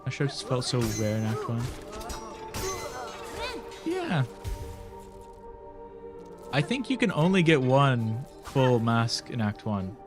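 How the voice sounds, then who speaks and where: A man's voice: medium pitch, sing-song, slow, pauses often, over music. Nasal young man chatting on stream. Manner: rambling, laughs often, swears casually. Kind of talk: casual gaming stream chat.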